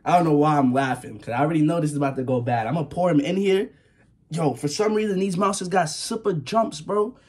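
A young man talking to his viewers in a casual vlog, nervous and rambling, with a slightly husky voice. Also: fairly high pitch, fairly quick, darkish tone. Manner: nervous, jumpy, rambling, slangy, yelps and laughs. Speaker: vlogger.

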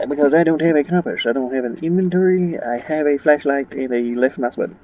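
A man's voice: fairly high pitch, a little mellow, muffled recording. A man giving let's play commentary, rambling and joking his way through a spooky game, laughing at his own nerves. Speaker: gaming channel host.

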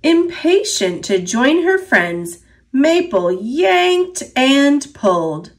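A woman narrates a children's picture book at an unhurried pace. Her gentle reading voice sits a little high and rises and falls in a lively way. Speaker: storybook reader. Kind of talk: read-aloud narration for children.

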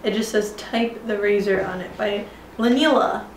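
A woman's voice: medium pitch, moderate pace, slight background noise. A young woman chatting in a rambling way, with lots of "like" and "you know", as she shows beauty products, recorded indoors at home with rain outside. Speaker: beauty vlogger. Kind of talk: casual haul video chat. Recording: roomy sound from a distance from the mic. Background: heavy rain outside.

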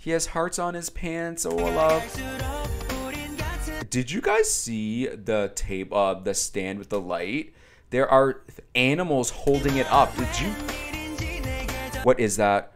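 Slow-talking excitable man reacting to music. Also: mid-range voice. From Italian background. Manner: excitable, chatty, addresses viewers directly. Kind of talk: casual reaction commentary. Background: music video playing.

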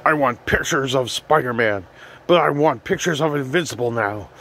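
This is a blustering older newspaper editor, as a man puts him on. His rant comes out indignant and a little raised in pitch. He sounds close to the man's own voice. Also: normal speed, a bit bright.

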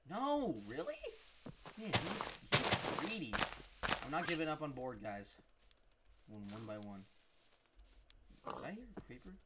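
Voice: medium pitch, big pitch swings, a little slow, long pauses, heavy background noise. A gamer giving jumpy, unscripted let's-play commentary while talking to the game.

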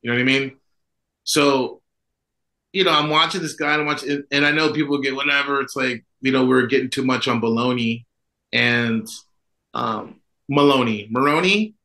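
A priest co-hosting a conversational podcast, his voice bright and forceful. He talks loosely, circling back with fillers and asides, at a middling pitch for a man. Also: moderate pace, low-quality recording. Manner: rambling, full of fillers and asides. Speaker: Orthodox priest, podcast co-host. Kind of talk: casual conversational chat.

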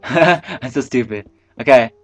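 A man's voice: mid-range voice, expressive, takes it slowly, soft background music. A man giving casual let's-play commentary, rambling to himself and swearing freely. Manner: rambling, profane, talks to himself. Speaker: gameplay commentator.

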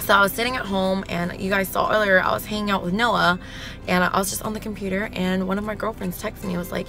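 A young woman with a husky voice, chatting excitedly to her viewers in a casual vlog. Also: mid-range voice, fast, over music. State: husky, lowered voice while recovering. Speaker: vlogger.

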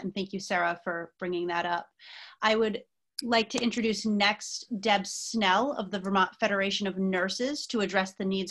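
A woman's voice: mid-range voice, a bit bright. A woman moderating a virtual town hall, thanking each speaker and calling on the next one.

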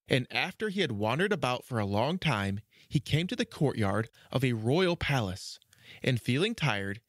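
Male narrator, fairy tale reading, lively pitch, dry close recording. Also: no echo. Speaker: storyteller. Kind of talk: storybook narration.

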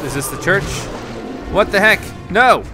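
A young man reacts loudly to a game, joking and yelping as he plays. His voice sits a little high and he talks at an unhurried pace. Game music runs underneath. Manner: excitable, jokey, yelps and shouts at the game. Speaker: gaming YouTuber. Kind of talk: let's play commentary.

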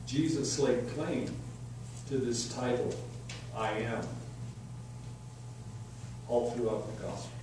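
A man preaching a sermon, expounding scripture slowly and deliberately with emphatic declarations. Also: mid-range voice, a little mellow, slight background noise. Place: church sanctuary. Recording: echoey hall, distant mic, faint ambience.

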